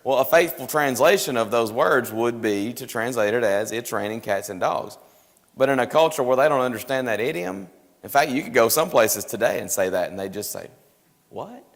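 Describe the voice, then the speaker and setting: Man, Bible class teacher, chatty explaining, church room reverb, mid pitch. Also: expressive, brisk. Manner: conversational, explanatory, with many restarts. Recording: live stream with hall reverb.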